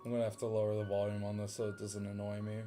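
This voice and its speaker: A man's voice: fairly low pitch, completely flat delivery, racing, over music. A young man reading fanfiction aloud for laughs, swearing and self-mocking as he comments on it. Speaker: reader reacting to fanfiction.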